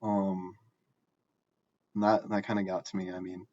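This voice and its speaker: Low-voiced young man, halting casual story. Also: level tone, warm tone, no room sound, dull audio. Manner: halting, self-correcting, frequent fillers.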